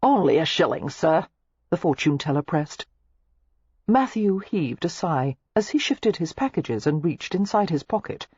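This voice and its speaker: A woman narrating a romance novel audiobook in an expressive, measured way. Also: on the low side, breathy edge, no echo. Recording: dry, slightly muffled lo-fi recording.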